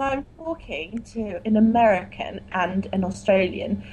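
A woman's voice: mid-range voice, a little slow, few pauses, heavy background noise. Giggly swearing woman podcaster. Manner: giggly, swearing, apologetic asides. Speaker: podcast co-host. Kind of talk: casual comedic chat.

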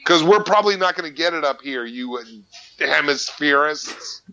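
A man, a voice actor, chatting casually on a podcast, animated and playful, slipping into mock anger and quick voices. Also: fairly high pitch. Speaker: voice actor guest.

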